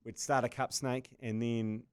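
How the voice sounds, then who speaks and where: A man's voice: medium pitch, flat delivery, unhurried, clean tone, no room sound, clean studio sound. A man with a New Zealand accent co-hosting a casual podcast, trading crude jokes and laughing often. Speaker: podcast co-host.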